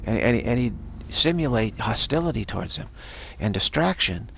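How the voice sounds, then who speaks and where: A man's voice: medium pitch, lively intonation, normal speed, gravelly, a bit bright, slight background noise. A middle-aged man teaching a self-development practice in a motivational talk, emphatic and repeating phrases for stress.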